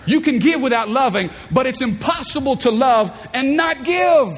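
Preacher man in his thirties, high-pitched, emphatic, drawing in the congregation; stage recording with long hall reverb. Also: lively intonation, moderate pace, slight background noise. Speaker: pastor. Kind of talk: sermon. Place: church stage.

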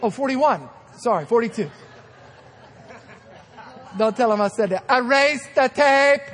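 A man's voice: extremely high pitch, lively intonation, measured pace, a bit bright, some chatter behind. A man in his thirties preaching a sermon as a guest pastor, telling stories dramatically with acted-out voices. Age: 30s. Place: large church sanctuary. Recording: long hall reverb.

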